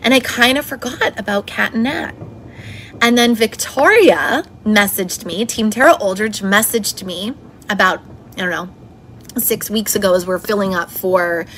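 A woman's voice: mid-range voice, unhurried, a bit bright, slight background noise. A woman hosting her own podcast, talking in a chatty, encouraging and upbeat way. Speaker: podcast host. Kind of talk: solo motivational podcast talk.

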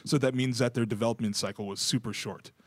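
A man's voice: mid-range voice, steady tone, fast, husky, dry recording. A man co-hosting a casual talk show about gaming news, rambling with lots of fillers. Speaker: podcast co-host. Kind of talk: casual chat, reading news.

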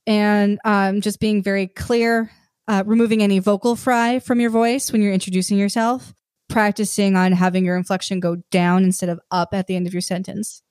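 A woman's voice: medium pitch, little pitch movement, moderate pace, darkish tone, dry recording, clean studio sound. A young woman from Northern California in a casual podcast chat, talking candidly with many fillers and the odd swear word.

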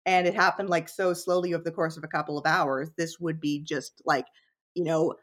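A woman's voice: deep voice, fairly even intonation, brisk. A woman co-hosting a podcast, explaining at length in casual chat with many fillers. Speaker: podcast co-host.

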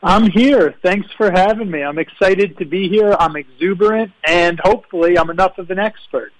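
A young man, a guest entrepreneur, answering interview questions in a friendly, measured way. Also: high voice, no echo, low-quality recording.

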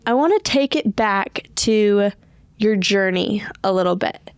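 A woman's voice: medium pitch, lively intonation, unhurried, clean tone, no room sound. A woman with a Southern US accent co-hosting a podcast, chatty and enthusiastic as she introduces a guest. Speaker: podcast co-host. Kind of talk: upbeat podcast interview.

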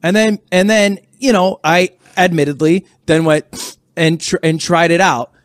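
A young man in a casual podcast chat, slightly higher-pitched than most men. He tells his story in a rambling, sheepish way, full of fillers. The sound is dry and close, with no room echo. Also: steady tone, unhurried. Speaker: podcast guest.

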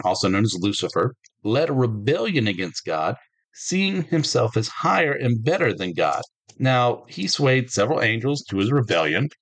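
A man's voice: mid-range voice, low-quality recording. Casual man teaching a Bible lesson. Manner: conversational, self-correcting, reads scripture aloud.

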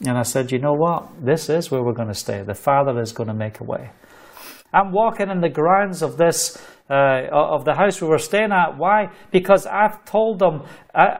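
In a gravelly mid-range voice at normal speed, a middle-aged British man delivers a sermon built around a story. He brings it to life animatedly by performing the voices of its characters.

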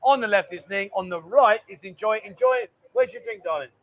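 A bar owner hosts a casual livestream from his bar lounge, chatting, bantering, and reading viewer comments aloud. His voice is high-pitched and a bit bright, and he talks a little fast.

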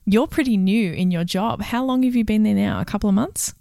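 A woman's voice: mid-range voice, a little fast, vocal fry, mellow, no room sound, studio quality. Straight-talking woman coach. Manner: direct, advising, explains points in steps. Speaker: career coach and podcast host. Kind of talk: casual chat.

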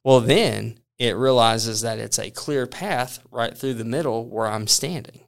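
A man, a preacher, casually telling a funny story about his travels, animated and self-deprecating, laughing often. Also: medium pitch, a little slow, gravelly.

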